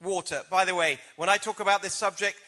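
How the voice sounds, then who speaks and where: A man with a noticeably foreign accent delivers a campaign debate answer in a brisk, emphatic way. His voice sits fairly high and sounds very bright and sharp, cutting through the room. He punches his points with rhetorical questions. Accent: foreign accent in American English. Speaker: political candidate.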